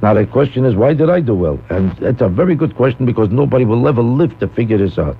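A man's voice: medium pitch, expressive, quick pace, creaky, slight background noise. A man doing a rambling comic monologue as a guest radio host, telling a story. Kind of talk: radio talk show storytelling. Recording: tinny phone-like old radio broadcast.

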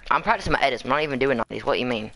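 Bright-voiced man in mock Australian twang. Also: medium pitch, expressive, very fast, vocal fry. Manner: puts on a mock Australian accent, tacks "mate" onto lines; taunting, crude, boastful. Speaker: gamer streamer. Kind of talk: profane trash talk while gaming.

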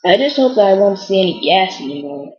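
A young woman giving excitable, frustrated Let's Play commentary while playing a game. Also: mid-range voice, fairly quick, highs cut off. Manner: excitable, exclaims often, frustrated outbursts. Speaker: gamer.

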